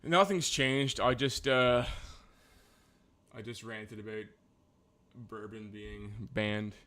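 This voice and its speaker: A man from Canada streaming in casual chat, sardonic and crude, with deadpan jokes. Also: on the low side, slow.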